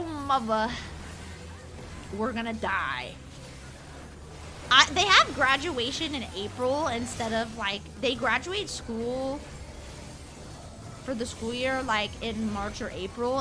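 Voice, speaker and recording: A woman's voice: on the high side, lively intonation, normal speed, background noise. A young woman from the Upper East Coast of the United States chatting casually and animatedly while live streaming a game, swearing freely. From Upper East Coast of the USA.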